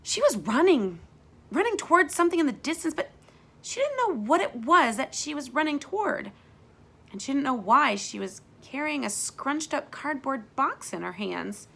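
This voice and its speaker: A woman teacher reads a children's book aloud, her high voice swooping widely as she talks it over with young listeners. The tone is bright, with a gravelly fry at the ends of phrases. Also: moderate pace. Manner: expressive, asks young listeners questions.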